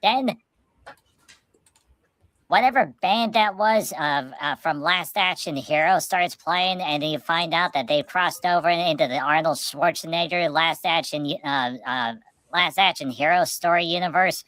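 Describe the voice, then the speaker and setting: Woman, lowish voice, rambling storyteller, casual chat, dry close sound. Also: a little slow, a bit bright, no echo. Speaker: podcast co-host.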